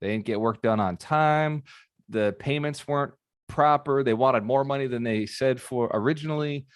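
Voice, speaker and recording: A man giving a motivational talk as a real estate mentor, animated and often asking his audience questions. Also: medium pitch, normal speed, clear, resonant tone, no room sound, clean studio sound.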